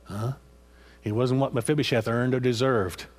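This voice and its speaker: A man's voice: medium pitch, steady tone, moderate pace. A man preaching a sermon with passion, repeating phrases and prodding his listeners with "huh?" after each point.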